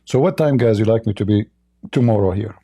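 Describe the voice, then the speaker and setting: A hoarse middle-aged man hosting a casual livestream chat. He mocks, chuckles often, and keeps coughing and clearing his throat as his voice gives out. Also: on the low side, brisk, warm tone. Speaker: livestream debate host.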